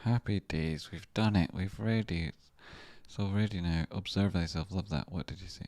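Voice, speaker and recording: A man's voice: sits low, normal speed, a little mellow, no room sound. A man with a Scottish accent, mumbling and muttering to himself as he chats casually on a live stream. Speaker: livestreamer and stock chart analyst.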